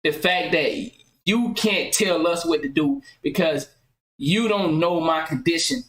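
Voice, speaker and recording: A woman hosting a podcast, talking loudly and passionately, firing off rhetorical questions in casual commentary. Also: low-pitched, a little slow, roomy sound, rough recording. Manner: loud, impassioned, rhetorical questions. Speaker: podcast host.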